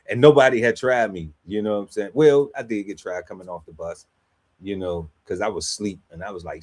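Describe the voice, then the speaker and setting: A man's voice: fairly low pitch, brisk. A man on a podcast panel telling a story in casual, slangy chat, laughing often and acting out quotes.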